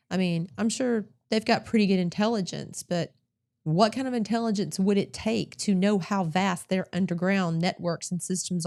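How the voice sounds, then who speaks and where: A woman's voice: fairly low pitch, a little mellow. A woman co-hosting a talk show, chatting about the news in a conversational, agreeable way. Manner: conversational, agreeable, laughs easily. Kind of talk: casual news commentary.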